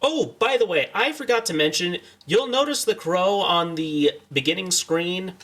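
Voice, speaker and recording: A man's voice: high-pitched, expressive, moderate pace, a bit bright. A young man streaming a video game, joking and rambling as he chats to his viewers in a casual way. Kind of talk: casual let's-play commentary.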